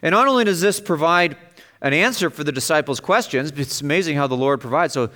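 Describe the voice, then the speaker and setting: A man's voice: lively intonation, brisk, bright, forceful tone. A man preaching an expository sermon in an emphatic way, his voice rising as he stresses vivid passages. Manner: emphatic, rises in pitch and volume on vivid passages.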